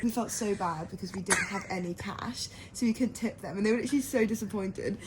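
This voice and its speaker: Fast-talking young woman, noisy background. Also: mid-range voice. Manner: rapid, laughing, swearing, shy. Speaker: vlogger. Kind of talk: casual storytelling vlog.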